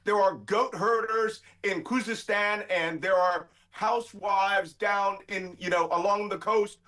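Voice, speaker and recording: A man's voice: high-pitched, fairly even intonation, measured pace. A middle-aged man, a guest commentator arguing emphatically in a heated debate. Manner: emphatic, forceful.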